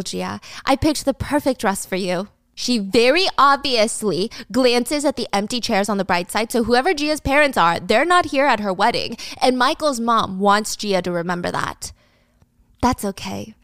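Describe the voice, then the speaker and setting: A chatty woman recapping a drama, wry and loose, sprinkling in "like". Her voice sits a little high. The sound is dry and right on the mic. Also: fairly bright tone, dry recording. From Korea. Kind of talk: casual commentary.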